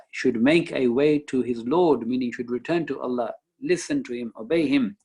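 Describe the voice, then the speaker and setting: A man's voice: mid-range voice, normal speed, hardly any pauses, a little mellow, breathy edge, low-quality recording. A man teaching a Quran lesson, reciting verses and explaining each one in English. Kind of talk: Islamic study lecture.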